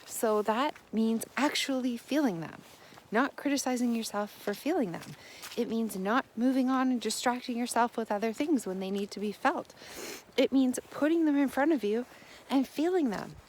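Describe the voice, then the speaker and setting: A fairly high-voiced woman delivers a motivational self-help monologue. Her tone is gentle and encouraging, and she circles back to the same phrases again and again. Faint noise sits under the voice. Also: moderate pace.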